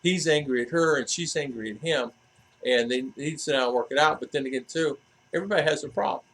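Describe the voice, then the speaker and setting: A man's voice: on the high side, fast, a bit bright, rough recording. A man vlogging in a casual, rambling monologue, often restarting his sentences and adding asides. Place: living in the Philippines.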